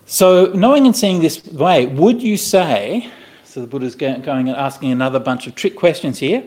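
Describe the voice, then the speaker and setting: Man teaching a Buddhist text, fairly high, very lively pitch, chatty and playful. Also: moderate pace. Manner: animated, conversational, asks listeners "right?" often. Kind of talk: dharma talk explaining a scripture.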